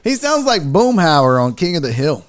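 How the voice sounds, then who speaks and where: A Southern American man hosts a casual sports talk livestream, brash and profane as he jokes and chats with viewers. His voice is a little high and sing-song, moving at normal speed.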